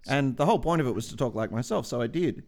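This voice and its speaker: A man in his forties chatting on his podcast, his voice low in the throat with a gravelly fry. He talks in a relaxed, offhand way, swearing freely and laughing often. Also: fast. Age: 40s. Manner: laid-back, swears freely, laughs easily. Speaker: podcast co-host. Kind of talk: casual podcast chat. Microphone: studio microphone.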